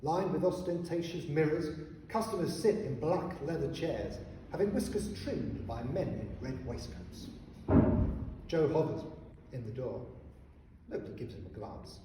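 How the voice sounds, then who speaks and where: A man reading a storybook, animated. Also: fairly high pitch, a little slow, distant mic. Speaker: narrator reading a children's story. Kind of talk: storybook narration. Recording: echoey hall, voice heard from afar, faint noise.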